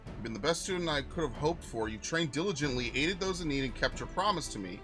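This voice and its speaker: A man's voice: a little high, expressive, quick pace, music in the background, lightly acted. A man reading as an earnest painting master. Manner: earnest, formal storytelling.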